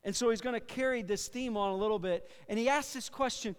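A man's voice: sits high, lively intonation, unhurried, smooth. A man preaching a sermon as pastor, talking conversationally, repeating and restarting phrases and leading the congregation in call-and-response. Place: church sanctuary. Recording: long hall reverb.

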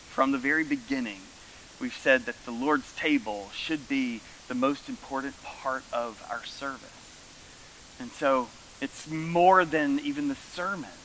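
A man preaching a sermon as pastor, telling stories with lively emphasis. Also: mid-range voice, slight background noise, rough recording.

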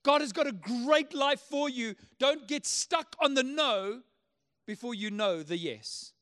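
Male pastor with a very high voice, earnest, emphatic sermon delivery. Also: expressive, a little slow, bright, forceful tone. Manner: earnest, emphatic preaching with repeated phrases.

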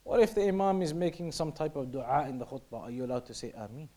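Quick and expressive, the teacher speaks in a fairly high, warm voice as he reads and explains Islamic law texts in English. He often restates his points, dropping now and then to a near-whisper to demonstrate pronunciation.

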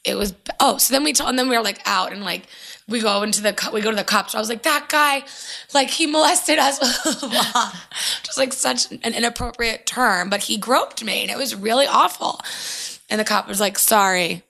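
A woman's voice: fairly high pitch, normal speed, creaky, bright, forceful tone. A young woman telling a story in casual chat, acting out the voices of the people she quotes.

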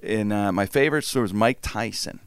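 A man from Pittsburgh chatting casually and telling stories, animated and swearing freely. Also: on the low side, moderate pace, gravelly, clear, resonant tone, dry recording. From Pittsburgh, USA. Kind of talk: casual chat, storytelling.

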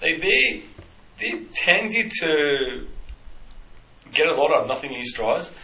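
A man's voice: a little high, sing-song, takes it slowly, pushed and bright. A man co-hosting a casual football podcast, rambling with many restarts and fillers. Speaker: podcast co-host. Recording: roomy, slightly dull, faint hiss.

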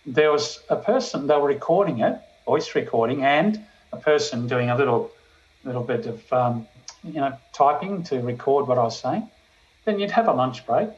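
An older man, a police chaplain giving a storytelling sermon testimony that slows down for emphasis. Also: mid-range voice, muffled recording. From Australia.

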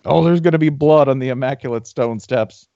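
A man's voice: mid-range voice, brisk, creaky, dark tone, no echo. A man co-hosting a casual sports podcast, joking and talking emphatically. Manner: jokey, emphatic. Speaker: podcast co-host. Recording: slightly dull lo-fi mic.

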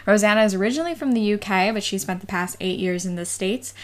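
A woman's voice: medium pitch, fast. A woman hosting a podcast, reading an upbeat scripted introduction. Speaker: podcast host.

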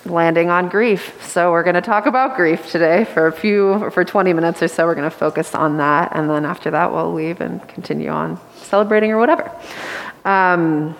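A young woman giving a church talk and reading a psalm slowly, soft-spoken with many ums. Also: fairly low pitch, gravelly, big-room sound, a little hiss or hum. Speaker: guest preacher. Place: church meeting room.

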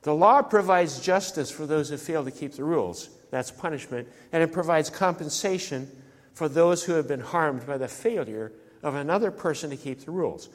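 A man's voice: a little high, animated, moderate pace. Man preaching in a reverberant church. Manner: conversational, asks the congregation rhetorical questions. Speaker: pastor. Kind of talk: sermon. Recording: church sanctuary with long reverb.

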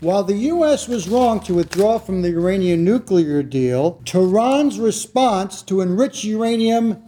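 A man's voice: high-pitched, expressive, measured pace, mellow. A man hosting a political talk show, steadily and wryly introducing news items. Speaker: host.

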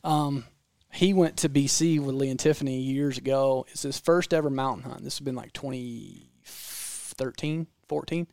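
Gravelly Southern man telling hunting stories. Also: mid-range voice, normal speed, hardly any pauses, no room sound, clean studio sound. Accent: Southern American. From American South. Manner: animated, rambling, frequent restarts. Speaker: podcast guest storyteller. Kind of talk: casual storytelling chat.

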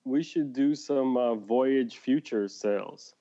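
A man's voice: mid-range voice, slow, warm tone, lo-fi sound. A man co-hosting a casual podcast, rambling with restarts and laughing often. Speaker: podcast co-host. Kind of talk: casual chat.

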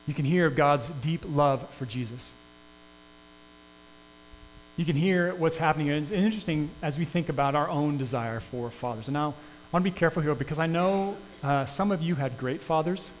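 A man's voice: a little high, fairly quick. A man preaching a sermon as pastor, in an earnest, conversational way with frequent restarts. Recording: dull sound with long reverb and faint hum.

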